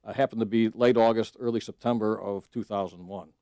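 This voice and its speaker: A man's voice: on the low side, fairly even intonation, brisk, warm tone, clear, resonant tone, no echo. Earnest middle-aged man, judicial candidate on radio. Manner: earnest storytelling, frequent restarts and fillers. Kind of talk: casual radio interview. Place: radio studio.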